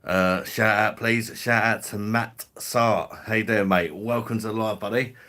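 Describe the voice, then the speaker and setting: A man's voice: lowish voice, steady tone, a little slow, sharp tone. A man from London with a Cockney-ish accent, hosting a casual live stream and chatting matily with viewers. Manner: matey, chatty, drops in slang and laughs.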